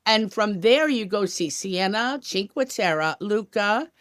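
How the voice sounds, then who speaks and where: A tour company guest on a travel podcast, this woman gives an enthusiastic, chatty interview with lots of offhand asides. She speaks slowly and animatedly in a mid-range, slightly bright voice. The sound is clean studio audio with no room echo.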